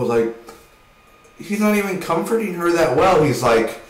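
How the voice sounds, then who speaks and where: A man giving a rambling, casual spoken film review, swearing now and then and acting out scenes in quick voices. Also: a little high, animated, echoey room, distant mic, low-quality recording.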